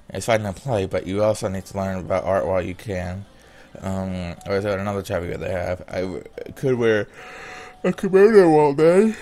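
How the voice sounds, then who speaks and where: A man with a deep, darkish voice reads out a visual novel's character lines in his ordinary voice. He pauses every so often to make casual remarks.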